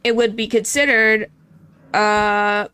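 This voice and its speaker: A woman's voice: medium pitch, level tone, takes it slowly, bright, forceful tone, smooth. A woman streamer giving casual gameplay commentary, chatty and joking as she reads game dialogue aloud.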